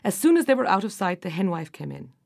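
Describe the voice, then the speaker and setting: A woman narrating a folk fairy tale in an unhurried storytelling manner. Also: medium pitch, very animated, creaky, a little mellow.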